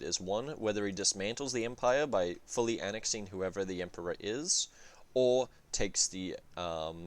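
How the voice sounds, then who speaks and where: A man casually reviewing a strategy game campaign, rambling and swearing, with lots of fillers and restarts. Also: lowish voice. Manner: rambling, profane, full of fillers and self-corrections.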